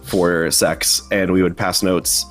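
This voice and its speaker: Laughing low-voiced man hosting a chat. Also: little pitch movement, takes it slowly, faint music behind. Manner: chatty, laughs often, self-interrupting. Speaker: host. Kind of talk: casual online chat.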